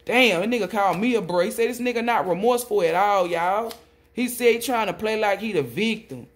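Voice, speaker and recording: A woman tarot reader talking casually to viewers, rambling and excitable, often exclaiming and relaying messages in blunt slang with swearing. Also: medium pitch. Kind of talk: casual spiritual reading to viewers.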